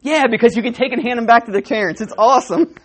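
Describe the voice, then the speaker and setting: An older woman pastor delivers a sermon in a loose, conversational manner. She keeps it lively and informal as she preaches. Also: a little high, quick pace, slight background noise. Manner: lively and conversational, acting out quotes and laughing.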